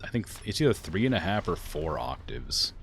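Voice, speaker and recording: Male streamer, casual and rambling, deep voice that swings up and down a lot as he talks. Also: big pitch swings, fairly quick, vocal fry, a little hiss or hum. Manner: rambling, heavy use of "like" fillers; answers viewer questions while playing. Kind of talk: casual gaming stream chat.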